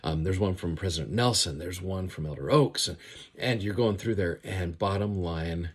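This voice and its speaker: Deep husky man giving devotional commentary. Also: moderate pace. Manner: earnest, reads verses aloud with rising emphasis. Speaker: scripture teacher.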